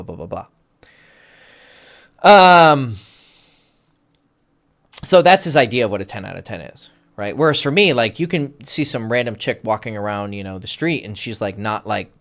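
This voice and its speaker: A man's voice: lowish voice, a bit bright. A man talking as a dating coach in a casual livestream Q&A, rambling with lots of fillers and swearing freely. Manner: rambling, filler-heavy, profane.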